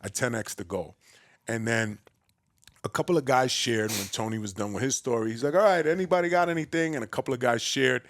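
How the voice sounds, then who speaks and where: A man from the Bronx with a New York accent, a podcast guest telling his story in a big, loud, boisterous way. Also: brisk, no echo, clean studio sound. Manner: acts out quoted voices with a raised pitch. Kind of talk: casual storytelling conversation.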